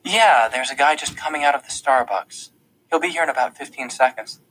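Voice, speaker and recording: A man narrates a first-person audiobook with a husky, breathy voice at an ordinary male pitch. His reading is earnest and tense, drawing the listener close. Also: fairly quick, a bit bright, rough recording.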